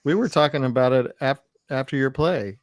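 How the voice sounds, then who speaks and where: A man's voice: mid-range voice, brisk, dry recording. A man with a Southern US accent, chatting casually and making dry, laid-back remarks. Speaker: cast member of a comedy sketch show. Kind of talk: casual live chat.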